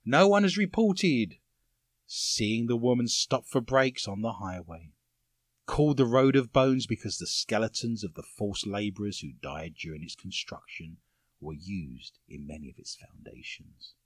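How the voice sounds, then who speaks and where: A man's voice: on the low side, lively intonation, a little slow, no room sound. A man hosting a comedy podcast, reading odd news stories with dry jokey asides. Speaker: podcast host.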